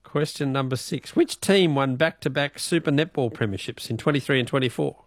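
A man's voice: medium pitch, a little fast, dry recording, clean studio sound. A man with an Australian accent hosting a radio quiz, playful and teasing, laughing often. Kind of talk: casual radio talk.

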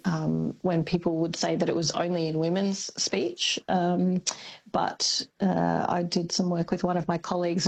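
Australian lady linguist on radio, gravelly husky voice, lots of ums. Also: fairly low pitch, a little mellow. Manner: thoughtful, hesitant, many ums. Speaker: linguist guest. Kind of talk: radio interview.

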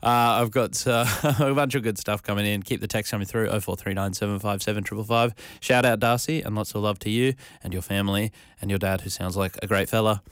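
A man's voice: lowish voice, steady tone, a little fast, hardly any pauses, fairly bright tone, no echo. A young adult man hosting a radio show in casual chat, self-deprecating and reading out listener texts at a studio microphone. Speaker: radio host.

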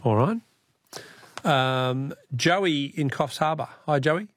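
A man with an Australian accent hosting a talkback radio quiz, chatty and quick to laugh with callers. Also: a little high, lively intonation, dry recording. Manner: chatty, laughs often, friendly banter with callers.

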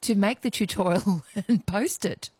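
A woman's voice: mid-range voice, unhurried, warm tone, husky, no room sound. A woman with an Australian accent hosting a radio phone-in quiz, chatty and teasing, laughing often.

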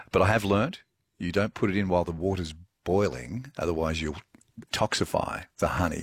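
A man's voice: low-pitched, breathy edge, dry recording. A man presenting a radio show, chatty and jokey between segments.

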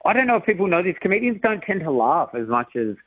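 A man, a comedian telling funny stories as a radio guest, lively and laughing. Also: high voice, fast, slightly rough, dry recording, narrow, tinny audio. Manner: animated, storytelling, laughs a lot. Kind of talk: casual radio interview.

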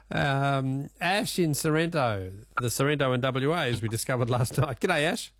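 A man's voice: mid-range voice, measured pace, a bit bright, no echo, clean studio sound. A man with an Australian accent hosting a casual radio quiz, joking and laughing with callers. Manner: jokey, laughs often, teasing callers.

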